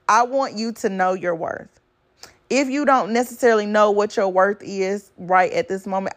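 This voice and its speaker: Blunt woman preaching self-worth, casually. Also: medium pitch. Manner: blunt, preachy, repeats points with "okay?". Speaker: podcast host. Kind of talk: casual motivational talk.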